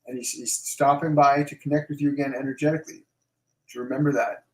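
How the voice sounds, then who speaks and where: A man's voice: mid-range voice, little pitch movement. Man medium relaying messages, echoey room. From Canada. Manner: repeats phrases, slow and emphatic when relaying messages. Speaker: medium hosting a live Q&A. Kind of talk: live stream Q&A, relaying messages.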